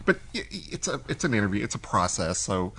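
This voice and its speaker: In a cigar shop, a man hosts a casual chat and tells a long story, acting out the voices of people he quotes. He's an animated storyteller with a fairly low pitch, a quick pace, and a slightly rough voice.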